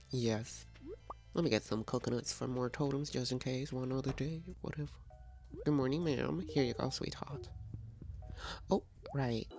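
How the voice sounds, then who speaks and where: A woman with a raspy, creaky voice hosts a relaxed let's-play. She chats and jokes with her viewers and talks to the game's characters. Faint music plays underneath. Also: extremely low pitch. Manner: chatty and playful, talks to game characters and viewers. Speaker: gaming video host. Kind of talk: casual let's-play commentary.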